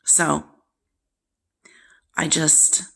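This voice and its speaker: Slow, gravelly woman telling a personal story. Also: low voice, level tone, sharp tone. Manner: candid, exasperated, directly addresses her absent father. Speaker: vlog host. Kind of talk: casual personal storytelling to camera.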